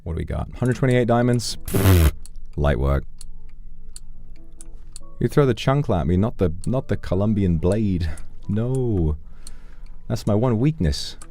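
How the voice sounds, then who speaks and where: A young adult man streaming a game, chatting casually and playfully, joking and stammering when excited. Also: fairly low pitch, unhurried, long pauses, faint music behind.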